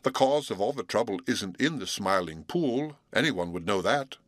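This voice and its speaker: A man voicing a wise old male frog who lectures and croaks in a storybook reading. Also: fairly low pitch, expressive, normal speed, no echo, studio quality. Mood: knowing. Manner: croaks "chug-a-rum", lecturing. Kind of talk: storybook character voice.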